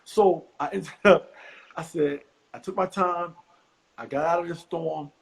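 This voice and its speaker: A middle-aged man from the US East Coast, a comedian guest telling profane stories with animated, high-pitched acted quotes. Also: unhurried, vocal fry, breathy edge, poor audio. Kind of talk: animated storytelling.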